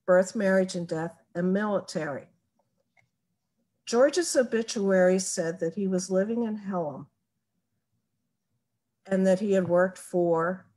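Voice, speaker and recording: A woman giving a recorded tutorial on building a family tree, explaining each step slowly and methodically. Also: fairly low pitch, a little mellow. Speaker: genealogy presenter. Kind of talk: recorded screen-share tutorial.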